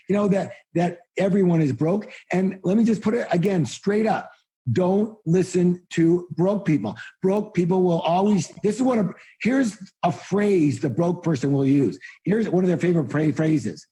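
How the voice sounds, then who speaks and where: A man giving a live motivational seminar talk, blunt and emphatic, firing rhetorical questions at the audience and often bursting into loud exclamations. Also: a little high, moderate pace, husky.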